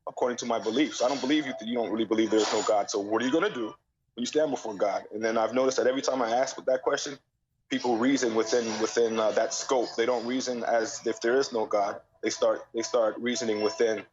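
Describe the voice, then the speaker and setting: A man who preaches on the street recounts his story in a rapid, casual stream full of fillers. His voice sits at an ordinary pitch. It comes through a dull, muffled line. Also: fairly even intonation, noisy background. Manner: rapid, informal, many fillers. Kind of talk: casual interview chat.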